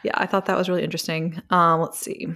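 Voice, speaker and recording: A woman's voice: fairly low pitch, level tone, fast talker, gravelly, bright, forceful tone. A young woman co-hosting a podcast, chatting casually with lots of "like" and "um". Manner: chatty, filler-heavy with frequent "like" and "um". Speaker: podcast co-host. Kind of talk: casual chat.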